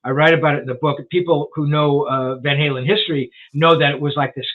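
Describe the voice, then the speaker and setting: A man's voice: a little high, fairly even intonation, fast talker. Chatty older man on a tinny line. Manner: rambling, full of "you know" and restarts. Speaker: guest rock journalist and author. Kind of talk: casual storytelling in a live interview.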